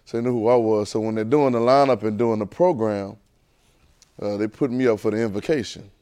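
A man preaching a sermon, telling a childhood story with lively, animated delivery. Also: on the low side, a little fast, clear, resonant tone. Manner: animated storyteller, rising to excited near-shouting.

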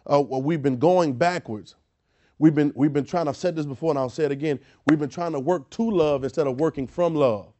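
A man's voice: a little high, brisk, dark tone. A man preaching a sermon, emphatic and repetitive, asking rhetorical questions and often restarting his words. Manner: frequent word repetitions and restarts.

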